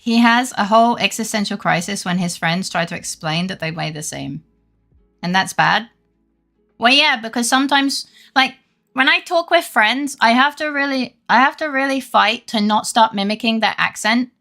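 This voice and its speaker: Gravelly, bright-voiced young woman streamer. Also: on the high side, expressive, normal speed, soft background music. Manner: rambling, chatty, swears freely, laughs often. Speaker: game streamer reading chat. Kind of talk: casual live-stream chat.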